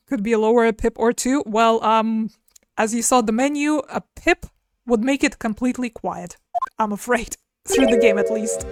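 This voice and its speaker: A woman's voice: a little high, normal speed. A woman streaming a game live, chatting casually with her viewers. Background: game music.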